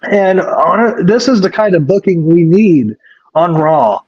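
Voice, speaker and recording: A man with a high, husky voice co-hosts a wrestling podcast and goes over an episode in relaxed, rambling conversation, swearing a lot and using plenty of fillers. He sounds expressive and a little slow. The sound quality is dull and lo-fi.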